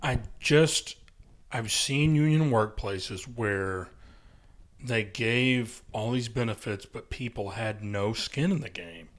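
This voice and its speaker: A man's voice: mid-range voice, slow. A man hosting a casual podcast chat, rambling and acting out quoted people in put-on voices. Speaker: podcast host.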